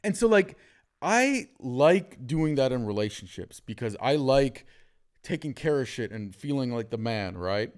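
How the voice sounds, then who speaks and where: A man's voice: mid-range voice, unhurried. A man hosting a podcast, telling stories in casual chat with frequent laughter and fillers. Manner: animated, laughs often, many fillers. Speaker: podcast host.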